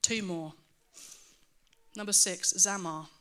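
A woman preaching a sermon to her church, earnest and animated, with self-mocking asides. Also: lowish voice, slow pace.

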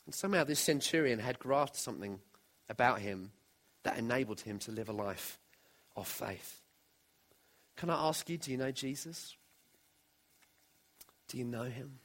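Guy preaching a sermon, earnest, keeps asking the crowd straight questions, middle pitch. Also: a little slow, pauses often, fairly bright tone. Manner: earnest, asks the listeners direct questions.

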